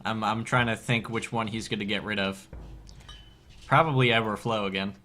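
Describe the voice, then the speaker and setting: A man's voice: on the low side, fairly even intonation, normal speed, bright, forceful tone. A man co-casting a card game match in an easygoing, joking way. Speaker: co-commentator. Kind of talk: casual game commentary.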